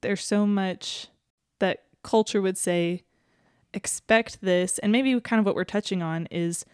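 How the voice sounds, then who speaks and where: A woman co-hosting a casual faith podcast, earnest and quick to laugh, who reads scripture aloud. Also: medium pitch, a little mellow, smooth, no room sound, studio quality. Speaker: podcast co-host.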